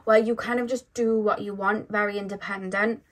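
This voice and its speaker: A woman's voice: mid-range voice, steady tone, normal speed, fairly bright tone. A woman giving a pick-a-card tarot reading to camera. She muses sympathetically and rambles, with lots of "like" and "um". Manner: rambling, full of "like" and "um" and restarts; intuitive, sympathetic musing. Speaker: tarot reader.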